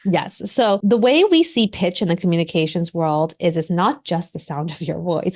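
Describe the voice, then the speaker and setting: A woman in her thirties, a communication coach and author, speaking as a podcast guest in an animated, emphatic way. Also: lowish voice, normal speed, hardly any pauses. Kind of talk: podcast interview.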